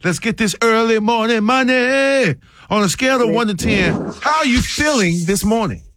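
A man co-hosting a morning radio show, running a quick-fire trivia game with a caller. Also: very high voice, a little hiss or hum. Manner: lively game-show quizzing. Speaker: radio co-host.

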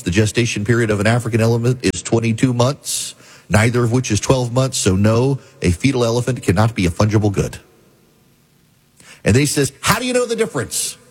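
A middle-aged man hosting a talk show, telling a story in a measured, deliberate way with dry asides. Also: medium pitch, darkish tone, breathy edge. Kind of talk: storytelling monologue.

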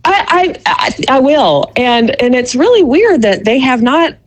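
A woman chatting on a radio show. She talks at an unhurried pace, full of fillers and restarts. She is self-deprecating. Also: sits high, sing-song, poor audio. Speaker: youth league reporter on call-in. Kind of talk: casual radio chat.

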